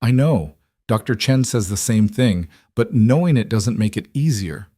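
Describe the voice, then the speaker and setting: A man's voice: fairly low pitch, lively intonation, normal speed, warm tone, no echo, studio quality. A man voicing a frightened young woman who speaks hesitantly and sounds vulnerable.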